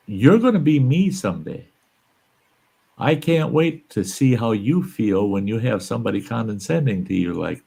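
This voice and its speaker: A man's voice: mid-range voice, gravelly, mellow. A man in his sixties hosting a casual live-stream chat, emphatic and rising into exclamations when worked up. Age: 60s. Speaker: host.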